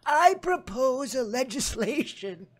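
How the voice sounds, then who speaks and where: A man voicing a sweet old grandmother who slowly announces odd law proposals in a soft, breathy voice. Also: extremely high pitch, big pitch swings, voice pushed up, exaggerated voice. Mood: prim.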